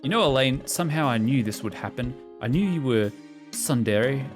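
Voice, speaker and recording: A man voicing a lovesick anime high school boy in an earnest, pleading way, over background music. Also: expressive, normal speed, lightly acted.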